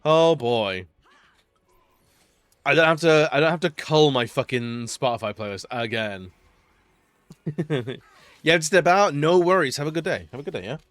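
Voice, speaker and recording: A man's voice: on the high side, animated, normal speed, pauses often, a bit bright, no room sound. A man chatting casually during a live stream, rambling and laughing often between remarks. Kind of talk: casual live-stream chat while gaming.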